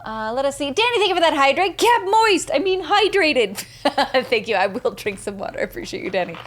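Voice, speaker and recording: A woman's voice: high-pitched, big pitch swings, a little fast, fairly bright tone. Bubbly woman streamer chatting with viewers. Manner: bubbly, laughs often, reads viewer messages aloud. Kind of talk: casual live-stream chat while gaming.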